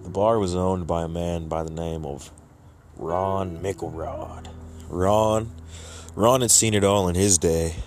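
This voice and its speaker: A man telling a joke as a story, unhurried with drawn-out pauses. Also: low voice, fairly even intonation, a little mellow, slight background noise.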